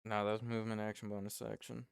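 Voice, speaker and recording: A man's voice: lowish voice, flat delivery, fast talker, gravelly, noisy background. A man playing a tabletop game, hesitant with many fillers and casual swearing. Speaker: player.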